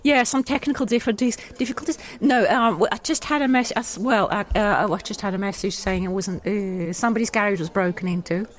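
A woman co-host talks through everyday news in plain, dry terms, keeping most of her answers short. Her pitch sits in an ordinary middle range for a woman. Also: quick pace, few pauses. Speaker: podcast co-host. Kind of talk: casual chat.

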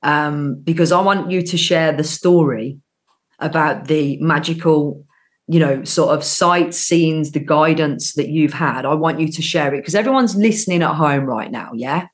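A woman's voice: sits low, normal speed. A woman with a Birmingham accent hosting an interview show, speaking in a gushing, emphatic way with frequent restarts. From Birmingham, England. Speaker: podcast host. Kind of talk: effusive interview chat.

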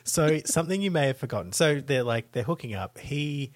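A man's voice: mid-range voice, lively intonation, fairly quick, no room sound. A man co-hosting a casual comedic book talk, reading excerpts aloud with laughing asides. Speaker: podcast co-host.

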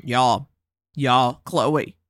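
A woman's voice: extremely low pitch, extremely slow, heavy background noise. A woman co-hosting a podcast, recapping a TV episode in casual chat and acting out the characters' lines. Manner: expressive, acts out characters' lines. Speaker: podcast co-host.

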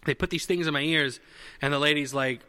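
Bright-voiced man telling a rambling story. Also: fairly high pitch, steady tone, a little fast, smooth, in a large hall. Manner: rambling, self-correcting, swears freely. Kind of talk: casual comedic storytelling.

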